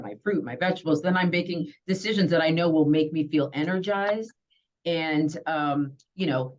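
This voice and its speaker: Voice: medium pitch, highs cut off. A healthcare provider giving a conversational webinar talk, often checking in with "right?" and "you know?". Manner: chatty, keeps asking "right?" and "you know?". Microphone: computer mic on a video call.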